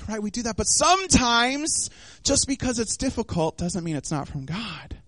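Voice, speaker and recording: A man preaching a sermon in an animated way, acting out the voices of the people in the story. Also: high voice, normal speed, dry recording. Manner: animated, acts out voices of the disciples and of God.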